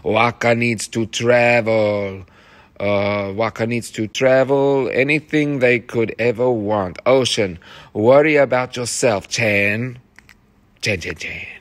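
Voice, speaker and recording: A man sits reading notes to his cast after a rehearsal, running through each performer in turn. He praises freely and repeats instructions to make them stick. His voice sits at an ordinary middle pitch. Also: slow pace. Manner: encouraging, reads notes aloud, repeats phrases. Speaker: theatre director.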